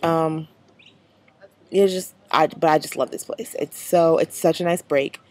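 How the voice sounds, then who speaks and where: A woman's voice: deep voice, steady tone, unhurried, a little mellow. A young American woman vlogging casually, chatty and rambling with lots of fillers. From United States. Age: young adult. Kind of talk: casual vlog.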